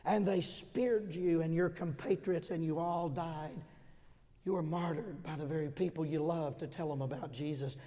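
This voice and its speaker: Male preacher, high voice, dramatic storyteller, long hall echo. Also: mellow. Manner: dramatic storytelling, voicing historical figures. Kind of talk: sermon.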